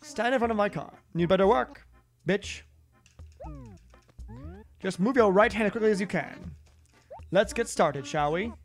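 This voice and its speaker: A man's voice: sits high, soft background music, voice pushed up. A man voicing a haughty female giraffe fashion designer from a video game, drawing out every "darling" and rolling his R's. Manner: snooty, drawn-out "darling"s, rolled R's. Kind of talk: reading game dialogue aloud in a voice.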